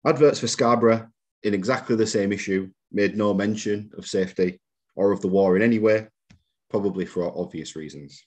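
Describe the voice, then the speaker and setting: A man giving a public history lecture as a museum lecturer, measured and reading out quotations with occasional fillers. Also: lowish voice, breathy edge. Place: lecture room.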